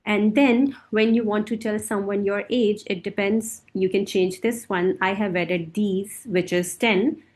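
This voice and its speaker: Woman teacher going real slow for beginners, says every word twice, patient. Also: mid-range voice, fairly even intonation, a little mellow. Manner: slow, patient, repeats words for drilling. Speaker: French teacher. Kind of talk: beginner language lesson.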